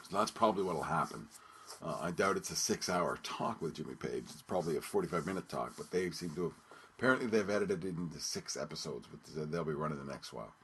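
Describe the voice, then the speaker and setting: A man hosting his own podcast, talking casually and haltingly with many ums and restarts. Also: very deep voice, expressive, a bit bright, slight background noise. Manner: rambling, hesitant, many ums and repeated words. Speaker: podcast host. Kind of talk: casual solo radio-show talk.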